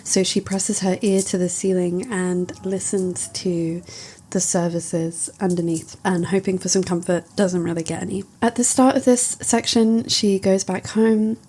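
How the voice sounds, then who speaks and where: A woman's voice: lowish voice, fairly even intonation, measured pace, mellow, breathy edge. A woman reviewing a book in a chatty, wry, casual recap. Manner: chatty, wry, recounting with quotes.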